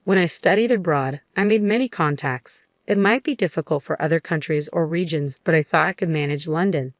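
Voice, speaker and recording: Low-voiced woman narrating a story. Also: brisk, few pauses, no echo. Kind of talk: scripted first-person story narration.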